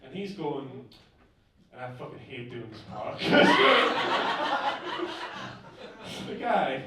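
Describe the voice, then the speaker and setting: Extremely slow yet pushed and bright, with big pitch swings, a young northern English comic talks with the crowd during a club set and keeps asking "right?". The boomy room is captured from a distance, very echoey with slight background noise, and the audience laughs.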